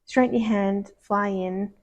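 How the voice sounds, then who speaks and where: A woman giving a casual, rambling tarot card reading, gushing and soft-spoken, sometimes dropping to a whisper. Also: mid-range voice, steady tone, unhurried. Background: dogs barking.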